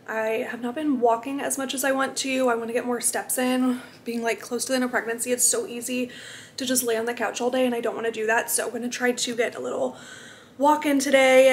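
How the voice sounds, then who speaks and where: A young woman vlogs casually to the camera at home, her slightly high voice picked up by the camera mic in an echoey indoor room with a bit of hiss or hum. She's bubbly and full of fillers, a little out of breath from pregnancy.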